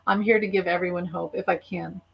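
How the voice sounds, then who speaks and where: A woman with a slightly lower voice speaks to her viewers in a loose, unscripted live-stream monologue. She rambles, restarts her sentences and often breaks into laughter. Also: steady tone, a little fast, vocal fry, slightly rough, dull audio. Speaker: YouTuber and author.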